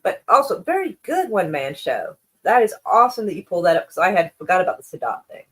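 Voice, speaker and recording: A woman's voice: mid-range voice, big pitch swings, fast talker, a bit bright. A woman hosting a live stream and chatting casually with her viewers. She rambles, gushes over the chat and swears freely. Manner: effusive, profane, rambling.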